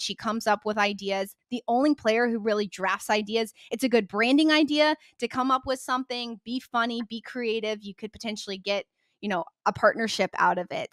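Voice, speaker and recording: A woman's voice: on the high side, fairly bright tone, no echo, studio quality. A woman co-hosting a casual sports chat, upbeat and steering the talk. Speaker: podcast co-host.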